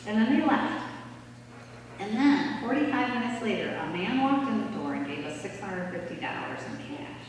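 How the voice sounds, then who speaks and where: A woman giving a storytelling talk in a church, lively and acting out the people she quotes. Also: medium pitch, moderate pace. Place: church hall. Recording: echoey church hall, distant mic.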